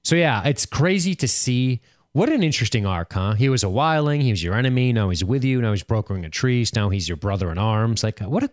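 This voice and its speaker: A man co-hosting a podcast, recapping a TV show in casual chat, excitable and swearing freely. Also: mid-range voice, a little fast, no echo, studio quality. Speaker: podcast co-host.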